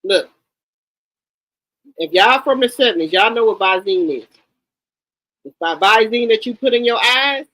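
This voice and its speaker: A woman's voice: on the high side, animated, unhurried, pauses often, fairly bright tone, dry recording, rough recording. A woman in her fifties giving blunt, emphatic livestream commentary and often repeating her words. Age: 50s. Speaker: livestream host.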